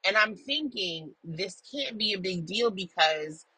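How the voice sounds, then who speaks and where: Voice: mid-range voice, animated, a little slow, bright, forceful tone, slightly rough, no room sound, poor audio. A person recording a casual audio journal in a car while driving, telling a story in an emphatic, profane way. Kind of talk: casual venting monologue.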